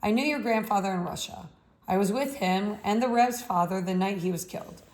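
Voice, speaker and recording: A woman's voice: mid-range voice, a little fast, a little mellow, lightly acted. A woman reading aloud from a novel, voicing an elderly bearded male school official who speaks with stern concern and earnest pleading.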